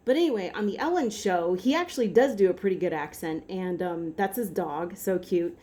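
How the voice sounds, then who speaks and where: A woman vlogging in a casual, rambling way, correcting herself mid-sentence and jumping up in pitch when something excites her. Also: fairly quick, few pauses. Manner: rambling, self-correcting, with sudden upward pitch jumps. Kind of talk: casual chatty commentary to camera.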